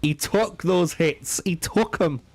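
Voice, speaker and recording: In a live gaming stream, a young man playing a strategy game curses heavily and trolls his chat, veering from raging to laughing. He speaks slowly in a high-pitched voice, with no echo.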